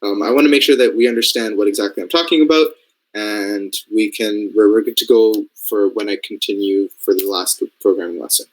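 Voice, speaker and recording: In a casual screen-share coding lesson, a young Canadian robotics programming mentor reasons out loud and keeps checking that his audience understands. His voice is fairly low and brisk, captured on a low-quality recording.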